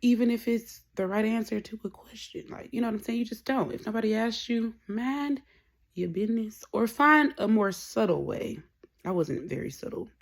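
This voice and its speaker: Gravelly-voiced woman rambling candidly. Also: fairly high pitch, normal speed. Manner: rambling, candid, drifts into soft whispers. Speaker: vlogger. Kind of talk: casual personal vlog.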